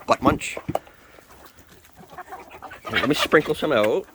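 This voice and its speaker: A man's voice: lowish voice, animated, takes it slowly, long pauses, a bit bright, slight background noise. A man talking casually to his chickens outdoors at the coop, cooing at them and cursing when they peck him. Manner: coos to the birds in a sing-song voice, curses when pecked. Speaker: vlogger keeping chickens. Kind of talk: casual running chatter to his birds.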